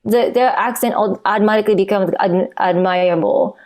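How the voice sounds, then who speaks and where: A woman guest on a casual podcast speaks in a mid-pitched voice. Her phrasing is non-native and she talks frankly and with animation. She laughs often as she makes her points. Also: brisk, a little mellow.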